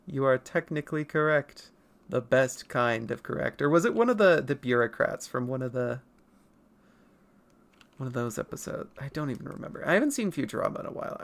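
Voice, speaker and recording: In a gravelly, medium-pitched voice, an artist streamer answers chat while drawing. The conversation is playful and rambling, peppered with laughter, the odd swear word and self-correcting asides.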